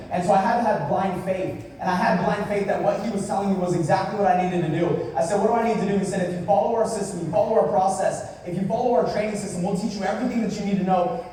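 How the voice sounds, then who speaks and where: A young man giving a motivational speech at a business event, telling a personal story and dropping low and quiet at the emotional parts. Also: slight background noise. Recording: echoey hall, from far off.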